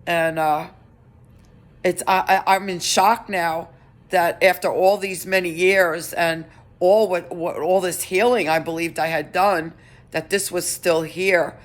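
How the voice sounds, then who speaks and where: Earnest, halting middle-aged woman. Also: fairly low pitch, fairly even intonation. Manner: halting and earnest, with many restarts. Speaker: vlogger. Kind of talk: personal update vlog.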